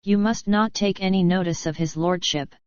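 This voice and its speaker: A woman's voice: mid-range voice, steady tone, normal speed, a little mellow, smooth, dry recording, lightly acted. A woman reading a pleading aristocratic mother. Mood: appealing. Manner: pleading, strained and unsteady. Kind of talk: audiobook narration. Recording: dull, dry recording.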